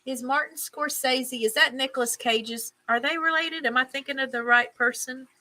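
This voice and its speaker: A woman's voice: high-pitched, steady tone, normal speed, bright, forceful tone, poor audio. A woman hosting a casual stream, reading items aloud, tripping over names, and adding chatty musing asides. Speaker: host.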